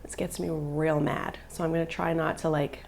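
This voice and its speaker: Woman vlogger, low pitch, vocal fry, agitated retelling, faint hiss behind. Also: level tone, moderate pace, a little mellow. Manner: agitated, upset retelling with many "like" fillers. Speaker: vlogger and mother. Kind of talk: emotional live-video storytelling.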